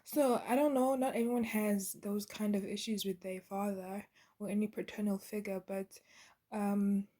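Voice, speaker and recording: A woman giving a channeled spiritual card reading in a soft, half-whispered, halting way, with many pauses. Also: mid-range voice, steady tone. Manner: soft, gentle, halting with fillers. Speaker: intuitive card reader.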